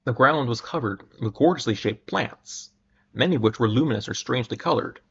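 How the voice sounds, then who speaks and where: A man giving a dramatic reading of an old adventure story at a measured pace, sometimes stumbling and restarting words. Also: mid-range voice, animated, vocal fry, fairly bright tone, husky. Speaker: reader. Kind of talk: dramatic reading of pulp fiction. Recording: muffled lo-fi recording.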